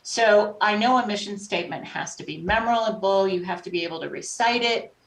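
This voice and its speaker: A woman guest on a podcast, telling stories in an animated, conversational way and acting out the voices of people she met. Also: mid-range voice, a little fast. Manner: animated, acts out quoted voices. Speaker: podcast guest, life coach. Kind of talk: conversational storytelling. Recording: roomy echo, distant from mic.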